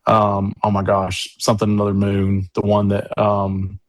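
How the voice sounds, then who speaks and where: Low, flat-voiced man telling stories. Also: unhurried, no room sound. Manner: rambling, enthusiastic storytelling with many fillers. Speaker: musician guest. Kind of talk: casual interview chat.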